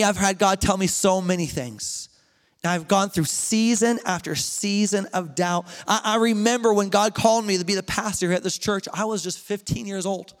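A young adult man preaching a sermon as pastor, telling the story in a casual, animated way with slang. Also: high-pitched. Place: church. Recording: long reverb of a church hall.

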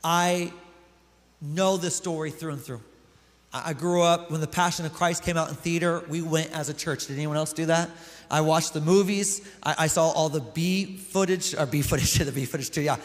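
A young adult man preaching a conversational sermon to a congregation, reading long passages of scripture aloud. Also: high voice. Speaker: pastor. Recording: long reverb of a large room.

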